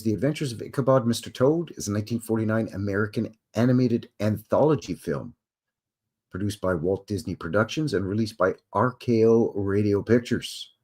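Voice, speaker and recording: A man's voice: fairly low pitch, warm tone, husky. A man hosting a casual live stream, chatting, reading aloud and adding asides.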